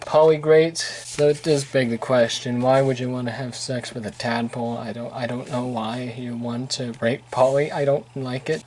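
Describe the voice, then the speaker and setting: A man's voice: medium pitch, darkish tone, slight background noise, low-quality recording. Rambling young-sounding man reviewing records. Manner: rambling, tongue-in-cheek, mock-prudish asides. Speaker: channel host reviewing vinyl records. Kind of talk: casual album reviews.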